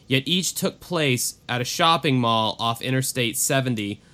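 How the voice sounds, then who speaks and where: Reading case notes for a casual true-crime podcast he co-hosts, a man keeps tossing in profane, offhand remarks. His voice is mid-range with a fairly bright tone.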